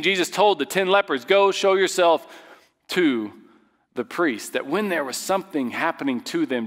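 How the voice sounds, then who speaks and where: A man preaching a sermon as pastor, moving between loud emphatic passages and quiet, low ones. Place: church sanctuary. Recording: long hall reverb.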